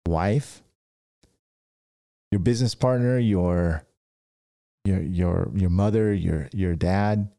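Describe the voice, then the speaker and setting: The voice is fairly low, creaky, and dark, belonging to a podcast host who owns a dent repair business. He wanders through casual business advice, with restarts and acted-out stories.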